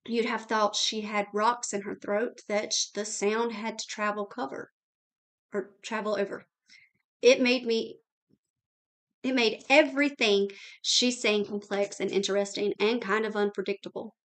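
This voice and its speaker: A woman's voice: mid-range voice, fairly even intonation, a little slow, natural voice. A woman reading the casual lines of a laid-back young male band frontman.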